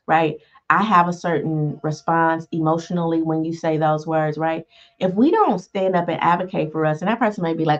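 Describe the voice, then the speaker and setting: Woman, low gravelly voice, casual teaching talk, keeps asking "right?"; dull lo-fi recording. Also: a little fast. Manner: frequent "right?" check-ins, acts out quoted exchanges. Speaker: teacher of a self-help lesson series. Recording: dull lo-fi sound.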